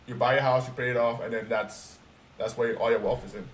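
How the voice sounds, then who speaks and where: A young man talking casually on a podcast, ranting in an animated, profane and emphatic way. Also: medium pitch, fairly quick. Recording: roomy, distant mic, faint noise.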